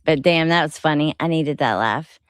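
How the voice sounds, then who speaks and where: A woman's voice: sits low, moderate pace, smooth, no room sound. A woman hosting a casual commentary stream, laughing a lot, swearing freely and rambling as she reacts. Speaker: streamer host. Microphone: headset.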